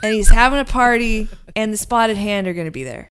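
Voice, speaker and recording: A woman's voice: a little high, a little fast, background noise. A woman running a tabletop game as game master, bantering with players and narrating scenes.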